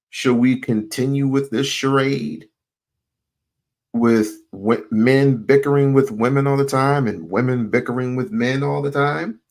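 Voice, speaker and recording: A man's voice: medium pitch, creaky. A man hosting a livestream, talking loosely and bluntly, swearing and repeating his points. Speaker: livestream host. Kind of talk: casual livestream talk.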